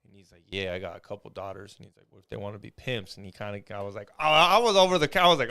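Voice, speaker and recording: A man co-hosting a podcast, joking around in relaxed, slangy casual chat. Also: lowish voice, rapid-fire, hardly any pauses, clean tone. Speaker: podcast co-host.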